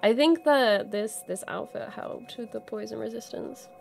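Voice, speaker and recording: A woman playing a video game and commenting as she goes, excitable, with frequent exclamations and swearing when under stress. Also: a little high, normal speed, creaky. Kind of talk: let's play commentary. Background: game music.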